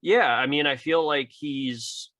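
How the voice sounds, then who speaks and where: A man's voice: a little high, slow, bright, forceful tone. A man co-hosting a podcast, chatting casually with dry, joking, profane asides. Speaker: podcast co-host. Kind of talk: casual chat.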